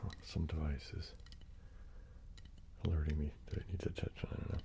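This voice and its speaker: Sleepy male stream host, very low and gravelly, relaxed chatter between taps. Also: brisk, slight background noise. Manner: relaxed, chatty, greets viewers by name. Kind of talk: casual ASMR live stream chat. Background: wood tapping.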